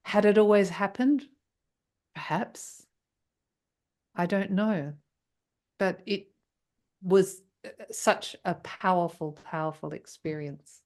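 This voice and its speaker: A woman guest recounting a deeply personal experience in an interview. She speaks with feeling and often breaks off and restarts her sentences. Her pitch sits in an ordinary middle range for a woman. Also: slow pace, pauses often, darkish tone. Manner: emotional and breathless, with frequent restarts.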